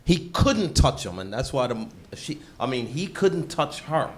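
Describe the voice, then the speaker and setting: A man giving animated, conversational scripture commentary, dropping into slang and asides. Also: mid-range voice, unhurried. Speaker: bible study teacher. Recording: echoey room with faint noise.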